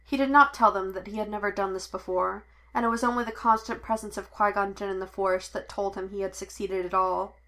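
A woman reading a piece of fan fiction aloud as narrator, even and measured. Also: mid-range voice. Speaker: podfic reader. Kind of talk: storybook narration.

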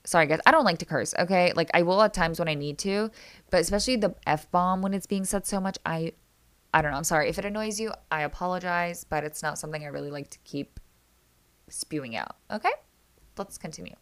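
A woman's voice: lowish voice, fairly quick, clean tone. A woman hosting a casual reality TV recap, chatty and opinionated, often stopping to restart and correct herself. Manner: chatty, opinionated, animated reactions. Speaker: TV recap host.

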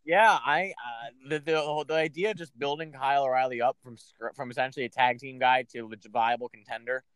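A man co-hosting a casual wrestling podcast, speaking haltingly and laughing now and then. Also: medium pitch, fairly bright tone, clean tone, dry recording. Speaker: podcast co-host. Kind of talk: casual chat about wrestling.

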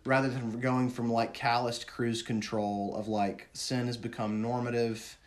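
A man preaching a sermon with earnest feeling. He asks his listeners questions and drops to a hushed, low voice on words of grief. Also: little pitch movement, measured pace.

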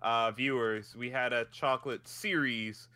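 A man's voice: mid-range voice, fairly even intonation, unhurried, sharp tone, clean tone, dry recording. An American man in casual chat, rambling and laughing easily as he talks.

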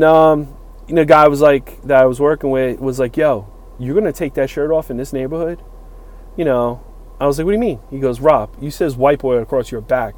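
A man in his forties, a utility worker, tells a long personal story in a medium-pitched, darkish voice. He rambles casually, leans on lots of fillers, and acts out the lines of dialogue he quotes.

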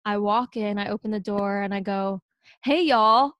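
Animated young woman telling stories. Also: medium pitch, moderate pace, no room sound. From Pennsylvania, USA. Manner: animated storyteller who acts out what people said. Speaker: podcast guest. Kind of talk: casual chat.

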